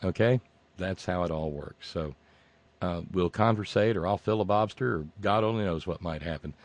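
A man's voice: deep voice, normal speed, no echo. Dry-voiced rambling male radio host. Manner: rambling, joking, with sudden loud outbursts. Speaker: radio talk show host. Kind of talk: casual call-in radio banter. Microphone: studio microphone.

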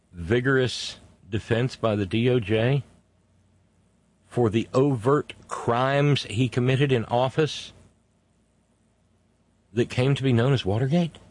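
Indignant man with slow emphatic stresses. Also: mid-range voice, a little mellow. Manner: indignant, stretches key words slowly for emphasis. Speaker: host. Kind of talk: political commentary monologue.

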